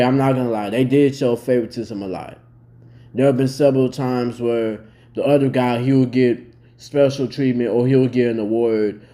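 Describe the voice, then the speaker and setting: A young man talks straight to camera in a casual commentary, blunt and swearing freely as he gets worked up. His voice sits in a middle pitch with a dark, mellow tone. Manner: blunt, heavily profane, worked up. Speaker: vlogger reacting to a news story.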